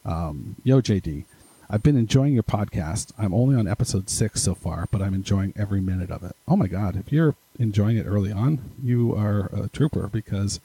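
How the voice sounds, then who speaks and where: A man's voice: lowish voice, lively intonation, brisk, dark tone, slightly rough, no echo, poor audio. A man hosting a podcast, chatting casually and reading out listener emails with chatty, self-deprecating asides. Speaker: podcast host.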